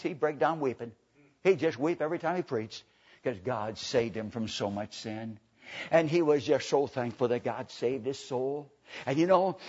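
A man preaching a storytelling sermon in a church, swinging from hushed, low confiding to shouting. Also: breathy edge, highs cut off. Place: church building.

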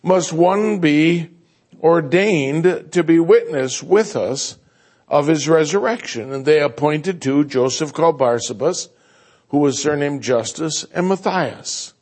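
Male preacher, folksy and animated, slightly high voice, slow deliberate pace. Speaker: guest preacher. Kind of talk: sermon.

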